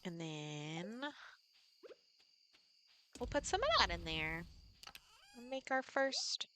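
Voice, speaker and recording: A woman's voice: lowish voice, sing-song, slow, a bit bright, a little hiss or hum. A woman live streamer chatting casually with viewers while playing a farming game, thinking aloud and greeting people in the chat.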